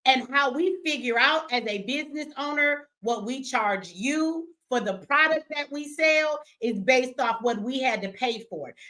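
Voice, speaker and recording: A woman running a live stream, confrontational and profane, swinging between yelling at viewers and slow, emphatic explaining. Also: a little high. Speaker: livestreamer answering her chat; business owner.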